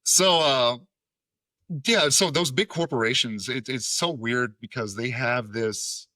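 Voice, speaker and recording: A man in his thirties from Tennessee tells a story as a podcast guest. His voice is bright and forceful. He swears easily and slips into the voices of everyone in the story, and the recording is dry and close. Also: medium pitch, takes it slowly, dry recording. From Tennessee, USA. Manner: profane, acts out quoted dialogue. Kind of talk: casual storytelling.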